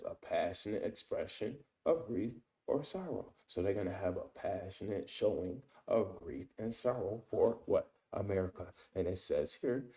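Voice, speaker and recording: A man's voice: sits low, mellow. A man teaching a casual Bible lesson, reading verses aloud and explaining them, often tagging his sentences with "man" and "right?". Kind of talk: informal scripture study lesson.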